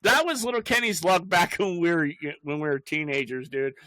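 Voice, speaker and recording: A man's voice: fairly high pitch, expressive, fairly quick, no echo. A young man hosting a casual chat, telling wild stories with lots of swearing and laughing, acting out the people in them. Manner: profane, laughing, acts out cops in loud voices. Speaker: podcast host.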